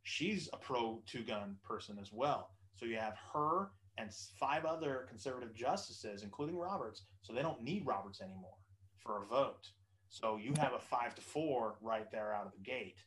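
A man's voice: medium pitch, animated, normal speed, a bit bright, rough recording. A man hosting a casual podcast chat, rambling and profane, with lots of ums and restarts. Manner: rambling, profane, with many fillers. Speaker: podcast host.

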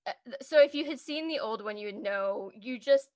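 A woman co-hosting a casual movie review podcast, excitable and swearing freely, laughing often. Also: fairly high pitch, fairly quick. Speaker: podcast co-host.

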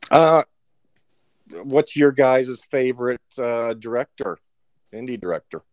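A man's voice: mid-range voice, lively intonation, a little slow, darkish tone, no echo. Chuckling man guest, easygoing. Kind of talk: casual chat.

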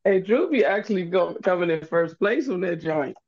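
A woman's voice: on the low side, expressive, darkish tone, breathy edge, lo-fi sound. A woman guest on a podcast, talking in an easygoing, slangy way. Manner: easygoing, slangy, quick to laugh. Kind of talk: casual chat.

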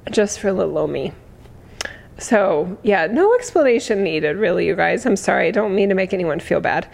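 Hoarse lady in her 40s chatting on a livestream, gushy, laughs a lot, mid-pitched voice. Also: lively intonation, normal speed, darkish tone. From United States. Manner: chatty, effusive, laughs often. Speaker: livestream host. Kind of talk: casual livestream chat reading comments.

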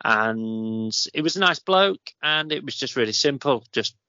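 Northern english guy rambling through a story on his podcast, bright voice, kinda dull lo-fi sound. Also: mid-range voice, animated, measured pace, dry recording. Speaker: podcast host. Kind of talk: casual chat.

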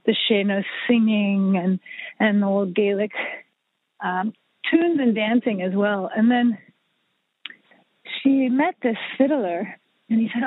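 This podcast guest is a woman with a mid-range voice who talks at normal speed, spinning long stories about her family's music in a chatty way with plenty of fillers and restarts. The casual interview is recorded with no echo on a husky, dry, phone-like line.

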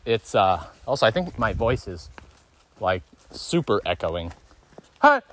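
A man's voice: on the low side, sing-song, measured pace. A young man co-hosting a podcast, chatting casually while hiking outdoors on a woodland trail, rambling and laughing often. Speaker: podcast co-host.

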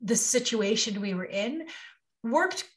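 A woman's voice: fairly high pitch, animated, takes it slowly. A woman hosting a casual conversation, affirming her guest and sharing from her own life. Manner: affirming, shares personal experience.

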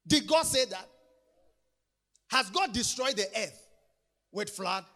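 A man preaching a sermon, emphatic and repetitive, swinging between loud declarations and quiet, intimate lines. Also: high-pitched, animated, slow, gravelly. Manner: emphatic, repeats phrases, swings from loud to soft.

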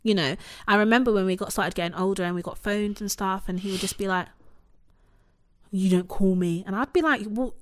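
A woman's voice: medium pitch, fast talker, few pauses, clear, resonant tone. A woman in her thirties, casually and candidly telling a personal story with lots of "like" and "you know". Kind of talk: casual conversation.

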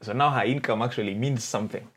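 A man in his forties, a podcast guest, telling his own story in a reflective, halting way and often checking in with the listener. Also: medium pitch, fairly bright tone, breathy edge. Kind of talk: candid personal storytelling.

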